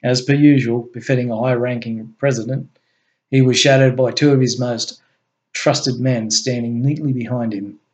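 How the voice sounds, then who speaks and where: A man reading his own story aloud in an unhurried, plain way, with the occasional restart. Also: medium pitch, steady tone, darkish tone. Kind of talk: amateur story narration.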